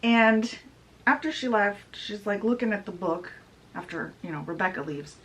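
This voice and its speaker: A woman's voice: mid-range voice, lively intonation, moderate pace, fairly bright tone. Chatty woman retelling a story, mic slightly distant. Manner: chatty, acts out quoted lines with "she's like"; laughs easily between lines. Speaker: book vlogger. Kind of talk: casual retelling of a novel's plot. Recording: voice a bit off-mic.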